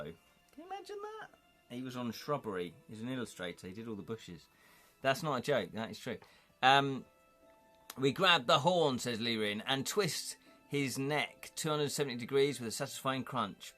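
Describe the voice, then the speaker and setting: A man's voice: medium pitch, fairly bright tone. A man hosting a live-streamed interactive gamebook, chatty and rambling as he reads chat comments aloud and asks viewers to vote.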